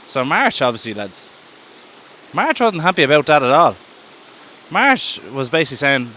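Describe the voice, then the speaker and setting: An Irish man with a bright, lively tone tells a story while walking in the woods, filming himself on camera. He rambles and corrects himself casually. A faint outdoor hiss sits behind him. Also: on the high side, moderate pace, long pauses. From Ireland. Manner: chatty, rambling, self-correcting. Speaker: podcast host. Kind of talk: casual storytelling on a woodland walk. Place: outdoor woodland walk. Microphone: self-held camera while walking.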